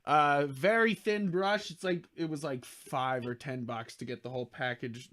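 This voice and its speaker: A man's voice: on the high side, moderate pace, fairly bright tone. A tired man hosting a casual livestream, rambling and jokey, swearing freely and slipping into silly accents. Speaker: livestream host building model kits.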